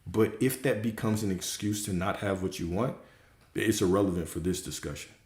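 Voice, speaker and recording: A man's voice: lowish voice, a little fast, a little mellow. A man who works as a spiritual coach, giving a casual, emphatic livestream talk that repeats its points and swears freely. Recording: roomy echo.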